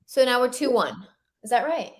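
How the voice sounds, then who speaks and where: A woman's voice: on the high side, expressive, moderate pace. Woman, watch stream co-host, chatty, talks to viewers, reacts to scores. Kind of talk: casual live-stream chat.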